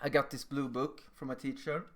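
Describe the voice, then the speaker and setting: A young man giving a lecture, telling personal stories in an animated, emphatic way and acting out moments. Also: mid-range voice, normal speed, noisy background.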